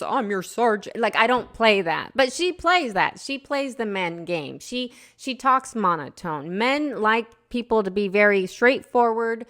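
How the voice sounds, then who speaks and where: An American woman vlogs her opinions casually, chatty and emotional, rambling with many fillers. Her voice is medium in pitch with a fairly bright tone.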